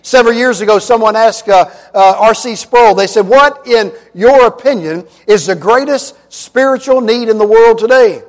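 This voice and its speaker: A man with a very high voice preaches in a church sanctuary, his words ringing with a long reverb. He drives his points home through repetition and mixes in light jokes. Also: normal speed, few pauses. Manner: emphatic, repetitive preaching with humor. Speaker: pastor. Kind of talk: sermon.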